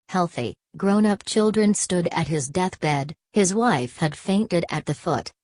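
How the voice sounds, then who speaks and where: A woman reading an ancient, weary ghostly hunter for an audiobook. The voice sits low and steady, and the reading is calm and measured. The recording is close and dry. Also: dry recording.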